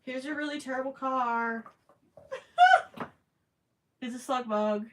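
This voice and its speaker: A woman's voice: sits high, slow, fairly bright tone, a little hiss or hum. A young woman casually chatting on a livestream while crocheting, reading viewer questions aloud and teasing herself. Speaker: livestream host.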